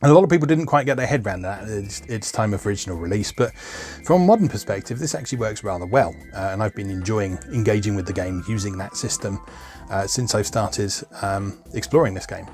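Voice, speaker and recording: A man's voice: fairly low pitch, animated, brisk, darkish tone, soft background music. A man giving casual, wry gameplay commentary as host of a retro game video, chatty with plenty of fillers.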